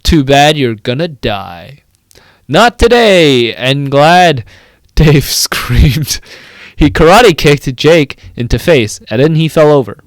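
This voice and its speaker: A man's voice: fairly high pitch, expressive, takes it slowly, no room sound. A young man co-hosting a comedy podcast, reading a badly written fan story aloud, stumbling over its misspellings and breaking into banter.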